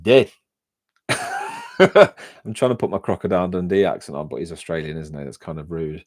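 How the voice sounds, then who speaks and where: A man's voice: rumbling low, fast talker, a little mellow, no room sound, clean studio sound. An English man chatting on a casual livestream, reading chat and rambling from story to story with frequent laughs and restarts. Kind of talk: casual live-stream chat.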